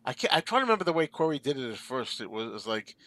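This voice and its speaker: A man's voice: mid-range voice, big pitch swings, racing, fairly bright tone, no room sound. A man hosting a casual livestream chat, rambling through an anecdote and laughing as he tells it. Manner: rambling storyteller, laughs mid-sentence.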